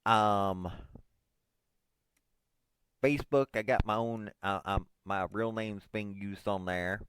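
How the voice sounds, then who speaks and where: Slow-talking, low-voiced man rambling casually. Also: steady tone, fairly bright tone, clean tone, dry recording. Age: 40s. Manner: rambling, self-deprecating, hesitant with fillers. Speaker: podcast host.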